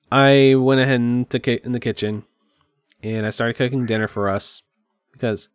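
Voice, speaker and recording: A man's voice: medium pitch, smooth, no room sound, clean studio sound. A man talking candidly in a rambling, open and emotional way at home, as a podcast host. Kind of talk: candid personal monologue. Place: at home by his computer.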